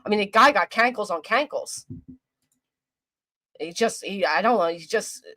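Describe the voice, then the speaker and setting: A woman ranting through livestream commentary into a desk microphone, crude and openly vulgar. She mocks her target in a loose, rambling way, tripping over restarts as she goes. Her voice sits at a middle pitch. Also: normal speed, sharp tone. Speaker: commentary streamer.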